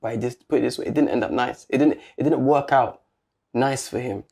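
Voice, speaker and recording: A man's voice: medium pitch, a little fast, warm tone. A man with a British accent, telling a personal story in an interview in casual, slangy street talk, acting out the dialogue. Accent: British English. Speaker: guest.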